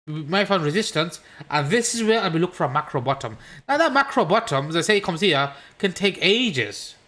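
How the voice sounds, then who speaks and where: A man's voice: fairly high pitch, sing-song, a little fast, bright, forceful tone. Brummie man talking through trading charts. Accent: Birmingham. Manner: chatty, joking asides, swears at chat. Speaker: crypto trading streamer. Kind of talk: casual live-stream chart analysis. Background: washing machine noise.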